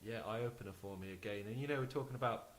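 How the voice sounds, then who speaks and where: A man talks easily as a guest in an interview, his voice sitting on the low side. He rambles in friendly bursts, restarting sentences as he goes. A faint hiss runs under the recording. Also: fast, rough recording. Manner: chatty, frequent restarts and laughs. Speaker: guest musician. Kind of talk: casual interview chat.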